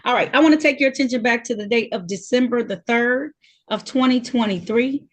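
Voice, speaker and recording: A woman's voice: a little high, brisk. A woman serving as judge in a court hearing held over a video call, talking in a firm, direct and sometimes scolding way.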